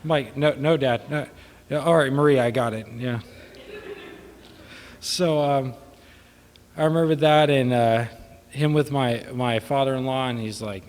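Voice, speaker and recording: A man's voice: mid-range voice, fairly even intonation, normal speed. A man, a son speaking at his father's memorial, rambling with many fillers and wavering between laughter and sadness. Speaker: son giving a eulogy. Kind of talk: informal memorial speech. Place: church hall. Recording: long church reverb.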